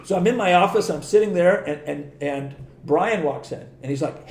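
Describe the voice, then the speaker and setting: A man's voice: fairly high pitch, brisk, few pauses, slight background noise. A middle-aged man, a podcast guest, telling rambling anecdotes in casual interview talk, acting out quoted dialogue, restarting sentences and swearing now and then. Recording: echoey room.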